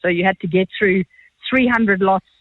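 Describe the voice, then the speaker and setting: A woman with a South African accent, an art auctioneer guest telling lively, chatty anecdotes quickly in a phone interview. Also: medium pitch, dry recording. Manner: fast-talking, chatty, animated. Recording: tinny phone line, dry.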